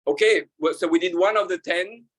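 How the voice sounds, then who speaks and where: A man, a rabbi, talking casually to an audience, halting with fillers and restarts and laughing at his own jokes. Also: high-pitched, poor audio.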